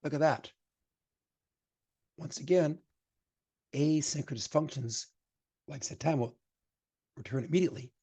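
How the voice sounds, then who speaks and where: Speaking at a measured pace with long pauses, this programming instructor codes live during a lecture, chatting and reasoning aloud as he types. His voice sits on the high side, dark and breathy, and turns emphatic when he gives advice.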